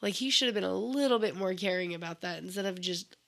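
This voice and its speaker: A woman's voice: medium pitch, fast, creaky. A woman casually chatting about a film she watched, with many likes and you-knows. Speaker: movie reviewer. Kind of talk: casual chat.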